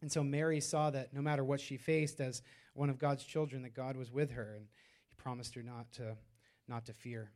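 A man's voice: mid-range voice, level tone, normal speed, darkish tone. A man preaching a sermon in a loose, conversational way, with many fillers and restarts. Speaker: pastor.

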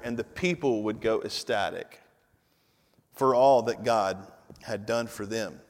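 A man preaching a sermon with emphatic, repetitive delivery that builds to loud climaxes, with casual asides to the congregation and the slide operator. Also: fairly low pitch, unhurried. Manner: informal asides to the congregation and tech team. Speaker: pastor. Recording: long reverb of a large hall.

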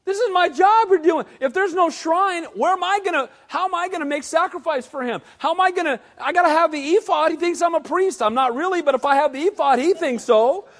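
A man's voice: very high-pitched, a little fast, few pauses, a bit bright, pitched above the performer's own voice. A man voicing a greedy, indignant small-time priest, pleading.

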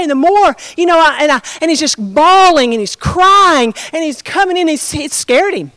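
Expressive high-voiced woman pastor preaching. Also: normal speed, hardly any pauses, dry recording. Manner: storytelling testimony, expressive and conversational. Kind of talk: sermon.

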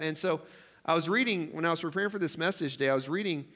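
A man's voice: fairly high pitch, very fast, fairly bright tone. A man preaching a sermon as pastor in a church, chatty and self-deprecating, acting out his own worried prayers. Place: church sanctuary.

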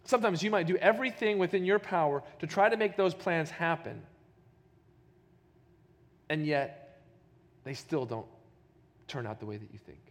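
A pastor giving a sermon, emphatic and full of rhetorical questions. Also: male voice, on the high side, lively intonation, moderate pace, pauses often, in a large hall.

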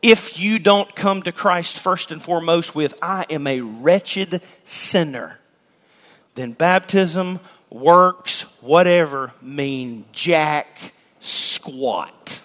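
Pastor, male, high voice; emphatic sermon in a reverberant church hall, shouts key words. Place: church sanctuary.

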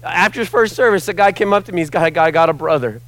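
Impassioned male preacher, loud then hushed. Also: fairly high pitch, fast, rough recording. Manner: impassioned, swinging between loud emphasis and hushed asides. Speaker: pastor. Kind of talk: sermon.

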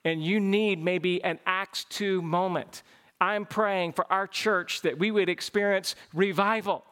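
A man with a notably high-pitched voice preaches to his congregation. His delivery is fervent and urgent, swelling into excited exclamations before he settles into a closing prayer. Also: unhurried, clean tone. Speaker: pastor. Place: church service.

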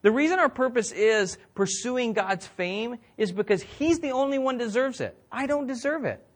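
A man's voice: very high voice, animated, normal speed. A male pastor preaching a sermon in a conversational way, often repeating words and asking the crowd questions.

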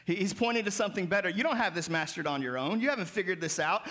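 High bright-voiced male preacher. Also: animated, fast talker, hardly any pauses. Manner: preaching with call-and-response, rising to emphatic peaks. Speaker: pastor. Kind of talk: sermon.

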